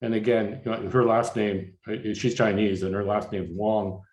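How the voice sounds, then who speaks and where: An older man from Canada walks an audience through his slides in a low voice, stopping and restarting often, his words padded with "uh" and "you know." The room is echoey, like a lecture hall. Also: level tone, darkish tone. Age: 60s. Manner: halting, many fillers and restarts. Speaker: artist giving a slide lecture.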